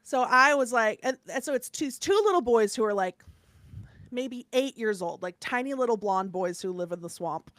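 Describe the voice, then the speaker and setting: A woman co-hosting a podcast, telling a story in a chatty, animated way, with lots of fillers and asides. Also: a little high, normal speed, dry recording. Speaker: podcast co-host. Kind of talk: casual chat, storytelling.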